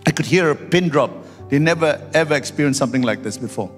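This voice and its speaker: A man's voice: on the high side, quick pace, faint music behind. A man who is a pastor, preaching a sermon with personal stories and rising into fervent prayer. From Singapore. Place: church hall. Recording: church hall with long reverb.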